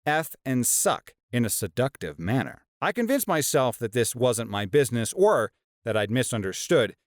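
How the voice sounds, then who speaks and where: Lively man narrating reader stories. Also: mid-range voice, moderate pace, no echo, clean studio sound. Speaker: story narrator.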